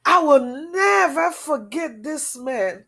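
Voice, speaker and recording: Slow, earnest higher-voiced woman. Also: animated, vocal fry, bright, forceful tone. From outside America. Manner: halting, repetitive, earnest. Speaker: testimony speaker. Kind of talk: emotional personal testimony.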